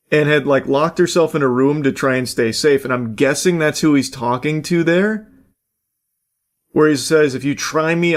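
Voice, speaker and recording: A man talks through clips in a loose, rambling commentary. His voice sits a bit high, and he scatters casual swearing and jokey asides throughout. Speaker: host.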